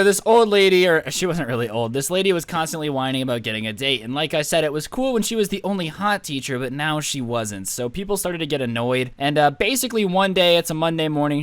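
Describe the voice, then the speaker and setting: Fast sarcastic young man ranting. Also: on the high side, fairly bright tone, smooth, dry recording. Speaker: YouTuber. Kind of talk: storytime vlog.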